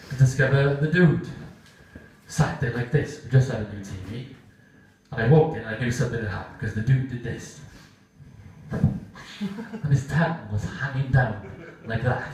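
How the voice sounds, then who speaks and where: A male stand-up comedian telling an animated story on stage, acting out voices for dogs and people. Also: mid-range voice, a little hiss or hum. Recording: roomy live venue, mic from a distance, audience. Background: audience laughter.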